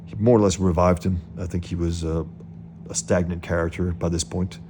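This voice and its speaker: Man, comic artist, casual commentary, hesitant, very low voice, gravelly. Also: level tone, brisk, mellow, a little hiss or hum. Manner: hesitant, with many fillers and restarts.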